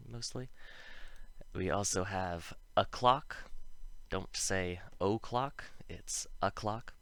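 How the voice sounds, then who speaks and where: Male pronunciation teacher; low, unhurried, deliberate delivery. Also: gravelly, fairly bright tone, clear, resonant tone, dry recording. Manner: slow, careful, drawn-out word demonstrations. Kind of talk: scripted pronunciation lesson.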